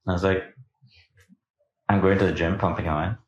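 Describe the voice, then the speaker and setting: Guest: low-voiced man, candid and lively storyteller, roomy echo around him. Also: a little fast, dull audio. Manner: animated, acts out quoted lines, laughs between points. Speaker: podcast guest.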